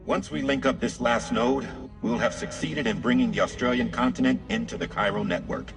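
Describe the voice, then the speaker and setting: An actor playing a steady military ship commander who gives formal mission briefings in a video game cutscene. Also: male voice, mid-range voice, fairly quick, creaky, close to an everyday voice. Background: game score music.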